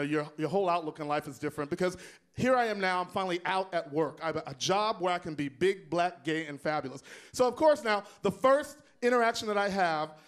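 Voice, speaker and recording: Stand-up comic from Texas, a man, sassy and playful, on the higher side. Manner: sassy, loud and playful, with sudden whoops. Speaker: stand-up comedian. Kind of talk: stand-up comedy set.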